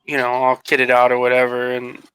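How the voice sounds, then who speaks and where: A man's voice: medium pitch, a little fast, clean tone. A man telling a road story in casual chat, swearing a lot and acting out his frustration. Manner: animated storytelling, heavy swearing.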